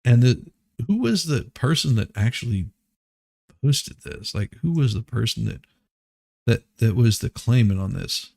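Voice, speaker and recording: A man's voice: mid-range voice, expressive, measured pace, gravelly, a little mellow. A man hosting a casual news commentary stream, rambling and restarting his sentences as he laughs at absurd claims. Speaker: host.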